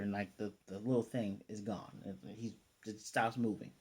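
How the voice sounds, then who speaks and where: A young man casually recapping a cartoon episode, rambling and slipping into quick quoted asides. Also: on the low side, steady tone, a little mellow, slightly rough. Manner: rambling, retells scenes with quick voiced asides. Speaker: anime reviewer.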